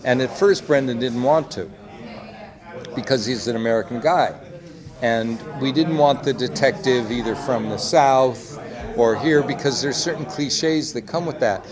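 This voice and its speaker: A man talking at a mid pitch, telling anecdotes in a relaxed, chatty way and putting lively voices on the people he quotes. A clear crowd murmurs behind him on a convention floor. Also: measured pace. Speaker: executive producer and director. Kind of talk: convention press interview. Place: busy convention hall. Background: loud crowd chatter.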